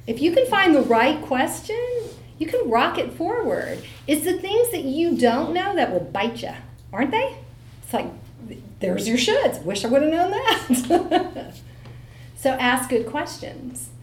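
Animated woman speaker in an echoey room. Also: high voice. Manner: animated storyteller, acts out voices in quotes. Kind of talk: motivational talk to a live audience.

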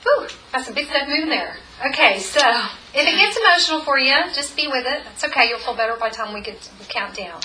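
Bright-voiced woman in her forties leading a group. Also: high voice, lively intonation, quick pace, hardly any pauses. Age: 40s. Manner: chatty and encouraging, with many fillers. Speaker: workshop leader. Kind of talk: guided group tapping session. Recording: echoey room, mic far off, faint noise.

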